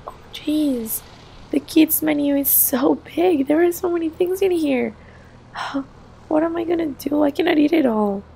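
A woman voicing a young girl in a toy-play story who feels sick on a flight and speaks softly and hesitantly. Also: high voice, measured pace, gravelly. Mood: uneasy. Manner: soft and hesitant. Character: young girl, quietly airsick, hiding it.

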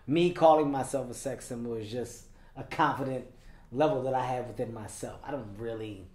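Confident American comedian in an echoey room. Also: male voice, mid-range voice, darkish tone. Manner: confident, quick, laughs easily. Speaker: comedian guest. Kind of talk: promotional interview. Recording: echoey room with faint noise.

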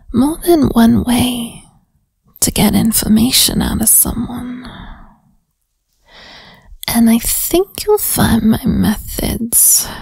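Woman putting on a female detective, whispered role-play, New York–New Jersey-ish accent, husky sick voice, slow and coaxing. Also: a little high, darkish tone, no echo, full character voice. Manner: coaxing, teasing threats. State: sick, hoarse voice. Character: flirty, menacing female police detective.

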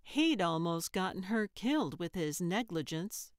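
A woman narrating a cozy mystery audiobook with steady, even storytelling. Her voice is smooth and clear at a slow pace, recorded close and dry. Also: on the low side, no echo.

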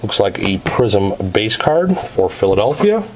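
A man's voice: lowish voice, big pitch swings, a little slow, a little hiss or hum, poor audio. A man casually narrating as he opens packs of trading cards, reading out each card's details in a methodical way. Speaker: card break host.

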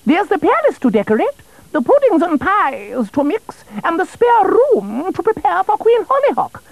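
A man voicing a flustered, fretful storybook queen in a high, drawn-out falsetto. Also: huge pitch swings, creaky, dry recording, heavily acted.

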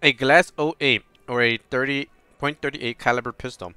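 A man's voice: medium pitch, brisk, few pauses, smooth, faint music behind. A man playing through a story game, reading its dialogue aloud and swearing as he reacts. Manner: swears freely, reacts loudly, reads dialogue in a flat voice. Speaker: let's play host reading game text aloud. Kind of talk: casual gameplay commentary with read-aloud dialogue.

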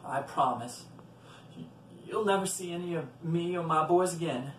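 A man voicing a furious, blustering male devil who shouts threats. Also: on the high side, normal speed, slight background noise, lightly acted. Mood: pleading. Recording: roomy, from a distant mic.

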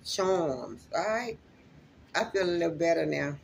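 Speaking directly to her viewers in a chatty, emotional reading, this spiritual reader swears without restraint. Her lowish voice is gravelly and measured in pace, and slight background noise is present.

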